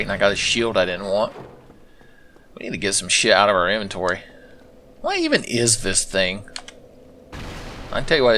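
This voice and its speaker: A man's voice: sits low, fairly bright tone, slight background noise. A man commentating his own gameplay with sarcastic, profane, rambling asides. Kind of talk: let's play commentary.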